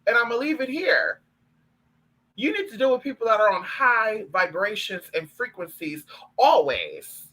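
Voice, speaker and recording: A high-voiced man talks on a live stream in a sassy, emphatic and profane way. His tone is bright and sharp, and he chats with his viewers in a spiritual practitioner's role. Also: very animated, normal speed, breathy edge, low-quality recording.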